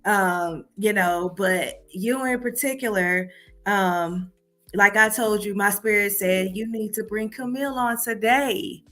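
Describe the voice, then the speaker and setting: A woman's voice: mid-range voice, unhurried, a bit bright. A woman hosting a casual livestream, chatty and calling her viewers y'all. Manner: chatty, addresses audience as y'all. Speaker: livestream host.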